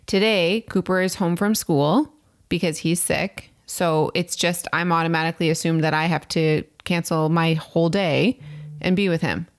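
A woman's voice: fairly low pitch, fairly even intonation, normal speed. A woman co-hosting a casual podcast with her partner, telling a story with lots of quoted dialogue and filler words. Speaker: podcast co-host. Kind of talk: casual couple chat.

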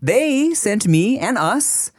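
A man's voice: sits high, very animated, takes it slowly, dry recording, clean studio sound. A man hosting a podcast in casual, jokey chat full of slang. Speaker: podcast host.

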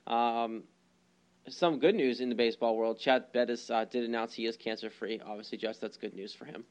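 A man's voice: medium pitch, steady tone, normal speed. A young man co-hosting a casual sports podcast, talking with many hesitations and frequent laughs. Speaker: podcast co-host.

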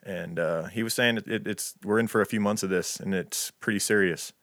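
A man in his thirties with a very deep, low voice, talking earnestly on a podcast. He rambles and restarts, stressing his points. The recording is dry and close. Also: a little fast, fairly bright tone, dry recording. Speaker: podcast co-host. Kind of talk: casual chat.

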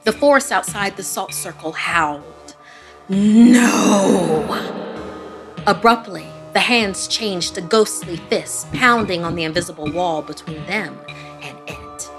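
A woman's voice: on the low side, unhurried, sharp tone, soft background music. Woman narrating a spooky tale. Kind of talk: scripted horror story narration.

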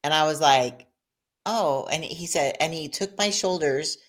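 A woman hosting an interview, asking questions and telling personal anecdotes with lively reactions. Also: low voice, measured pace. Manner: animated storytelling, reacting with short exclamations. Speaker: interview host. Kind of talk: conversational interview.

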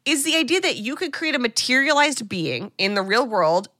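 A woman co-hosting a podcast, recapping a film in casual chat, animated and full of fillers and asides. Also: fairly high pitch, normal speed, dry recording, studio quality. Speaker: podcast co-host.

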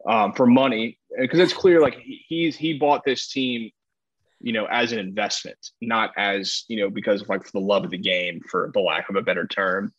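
A man's voice: lowish voice, moderate pace, fairly bright tone, no room sound, muffled recording. A man co-hosting a casual sports talk show, rambling through his points with lots of fillers and restarts. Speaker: podcast co-host, soccer analyst.

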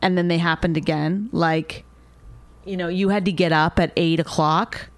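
A woman co-hosting with her husband, arguing back in a measured, pointed way. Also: fairly low pitch, fairly even intonation, no room sound. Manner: measured and pointed, often trails off. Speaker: co-host, the host's wife. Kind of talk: casual couple argument on a podcast.

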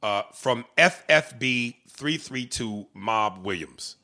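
A man's voice: medium pitch, animated, slow, pushed and bright. A man hosting a casual comedy podcast, reading listener emails aloud and joking through them with lots of profanity.

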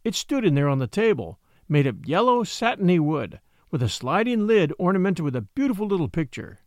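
A man reading an old storybook tale aloud, narrating in an expressive, unhurried way. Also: sits high, dry recording, studio quality.

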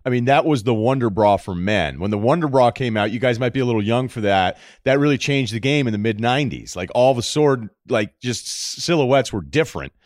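Middle-aged male podcast host, mid pitch, deadpan rambling storyteller, close dry mic. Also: a little fast, few pauses, no room sound. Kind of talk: casual chat.

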